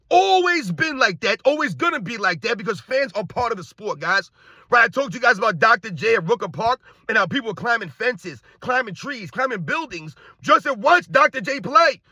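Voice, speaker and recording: A man's voice: very high-pitched, sharp tone, slightly rough, dry recording. A middle-aged man delivering a heated, repetitive sports rant, talking straight to his viewers. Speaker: sports commentator. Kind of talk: ranting commentary.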